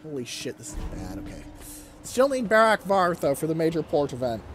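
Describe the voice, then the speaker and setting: An animated gamer talks the viewer through a strategy campaign, swearing freely along the way. The pitch leaps around a lot. Game music plays clearly underneath the desk-mic commentary. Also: a little fast. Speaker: let's play gamer. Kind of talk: casual gameplay commentary.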